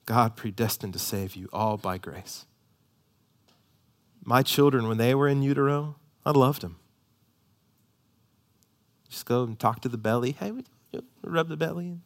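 A man in his thirties, a pastor preaching a sermon, swinging from loud emphasis to hushed near-whispers. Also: mid-range voice, a little slow, long pauses.

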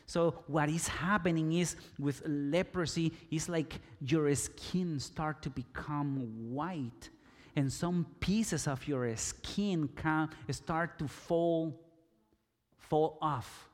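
A man preaching a sermon, slow and emphatic, sometimes rising to loud cries. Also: on the high side. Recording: long reverb in a hall.

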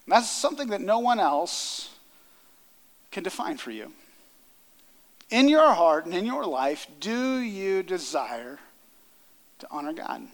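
A man in his thirties preaching a sermon, earnest, rising loud on key lines and dropping soft. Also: high voice, sing-song, slow, long pauses. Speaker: pastor. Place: church sanctuary. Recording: long hall reverb.

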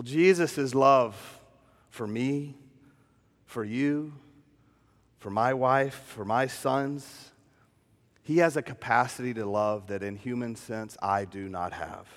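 A middle-aged man, a pastor, preaching a sermon in a church. He moves between hushed, slow tenderness and animated storytelling. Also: mid-range voice. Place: church sanctuary. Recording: long hall reverb.

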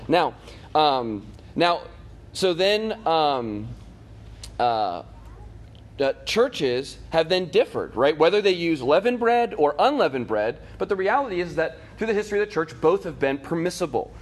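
A man's voice: on the high side, big pitch swings, a little slow. A man teaching a catechism class, talking casually to his students with many fillers, restarts and "right?" check-ins. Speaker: Bible teacher.

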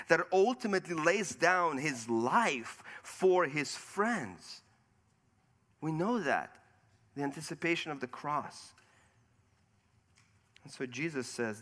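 A man's voice: a little high, sharp tone. A man preaching a sermon, walking through scripture verse by verse and asking rhetorical questions. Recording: long hall reverb.

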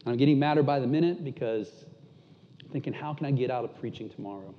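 A man preaching a sermon and telling a candid, self-deprecating story. At tender moments he drops almost to a hush. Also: mid-range voice, quick pace. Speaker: pastor. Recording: muffled sound with long hall reverb.

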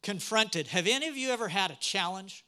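A male pastor delivers a sermon in a bright, fairly high voice. He mixes humor with his teaching and keeps drawing in the congregation with questions. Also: animated, a little fast.

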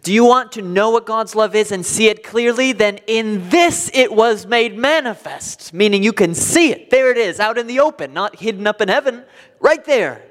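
A man preaching a sermon as pastor, swinging between loud emphatic declarations and quiet hushed passages. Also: high-pitched, lively intonation, moderate pace. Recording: long hall reverb.

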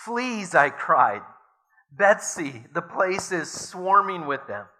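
A man's voice: fairly high pitch, sing-song, slow pace, pushed and bright, a little hiss or hum, voice pushed up, exaggerated voice. Man doing a wailing, distressed woman prisoner. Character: frightened woman prisoner, younger sister.

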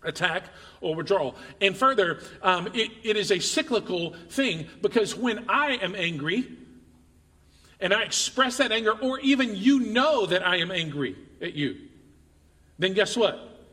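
A man's voice: high-pitched, expressive, unhurried, pushed and bright, big-room sound. A male pastor preaching a conversational sermon to his congregation in church, often restarting and repeating words as he talks directly to them. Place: church sanctuary.

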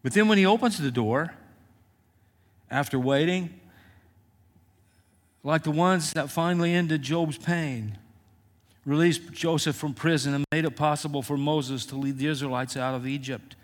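Emotional pastor in a reverberant church. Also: male voice, on the high side. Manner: personal, emotional, halting with restarts. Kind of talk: sermon.

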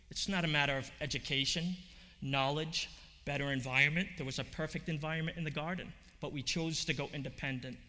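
Man, preacher, conversational sermon, bright tone, long reverb of a hall. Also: a little high. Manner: conversational, many fillers, rising to emphatic. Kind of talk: sermon with storytelling.

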